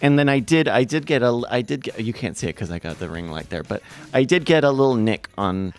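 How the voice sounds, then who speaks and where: A man's voice: mid-range voice, very animated, fairly quick, smooth, soft background music. A man hosting a livestream, calling marble races and drifting into rambling, self-mocking stories full of restarts. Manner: playful, self-mocking storyteller. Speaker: marble race commentator and stream host. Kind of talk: casual livestream race commentary with rambling asides. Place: home streaming setup with a ring light.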